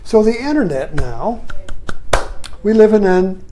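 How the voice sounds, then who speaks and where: A man's voice: high voice, big pitch swings, unhurried, noisy background. An older man giving a rambling, reflective monologue, often adding "you see" as he thinks aloud. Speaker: vlogger. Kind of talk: musing monologue.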